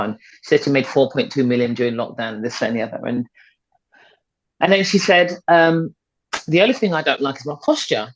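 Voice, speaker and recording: A middle-aged woman, a fitness and confidence coach, speaking as a podcast guest in an emphatic, persuasive way and repeating points for stress. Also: very deep voice. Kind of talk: motivational conversational talk. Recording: dull, slightly lo-fi podcast audio.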